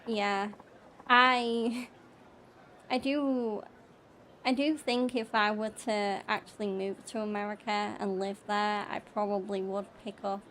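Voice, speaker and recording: A woman's voice: medium pitch, little pitch movement, takes it slowly, a bit bright, a little hiss or hum. A British woman in her twenties chatting casually over a gameplay stream, laughing often and reading viewer comments aloud. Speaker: gaming streamer.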